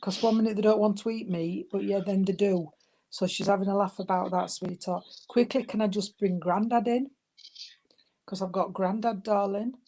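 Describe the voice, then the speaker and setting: A woman with a dark, mellow voice, working as a medium. She passes on spirit messages and calls her listeners darling and sweetheart. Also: mid-range voice, fairly even intonation, normal speed. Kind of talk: giving spirit messages at an online service.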